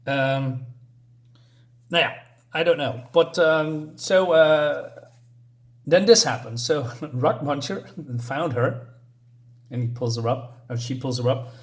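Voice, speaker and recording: A man's voice: on the high side, takes it slowly, long pauses. A man casually summing up a comic book story, rambling and hesitant with frequent fillers and chuckles. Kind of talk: casual comic review talk.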